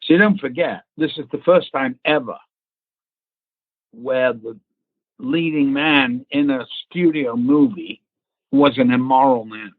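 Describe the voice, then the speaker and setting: A man's voice: medium pitch, very animated, unhurried, vocal fry, long pauses, dry recording. Man, actor guest; chatty anecdotes with acted-out quotes, over a thin phone-line signal. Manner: storytelling, acts out quoted people, swears casually. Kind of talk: anecdotal interview chat. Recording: tinny phone-line audio.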